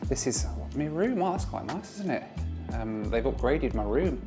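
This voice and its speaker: A man's voice: medium pitch, big pitch swings, moderate pace, over music. A man in his thirties, casually vlogging his travels to the camera in a chatty, upbeat way.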